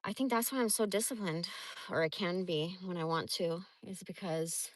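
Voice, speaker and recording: A woman in her forties telling stories from her life on a livestream, blunt, animated and full of swearing. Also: fairly low pitch, normal speed, dry recording. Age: 40s. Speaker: livestream host. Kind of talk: casual storytelling.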